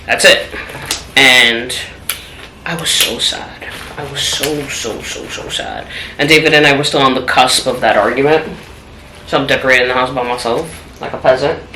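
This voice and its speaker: A woman telling a personal story in a home vlog, candid and open, her voice going soft and trailing when the story turns sad. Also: rumbling low, noisy background. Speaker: vlogger. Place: home apartment. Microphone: phone camera. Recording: echoey room with clattering dishes.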